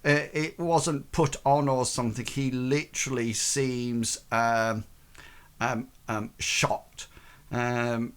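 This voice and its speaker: A man running a tabletop game as game master, narrating in a halting way full of ums and restarts, now and then shouting out lines for crowd members. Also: medium pitch, steady tone, clean tone.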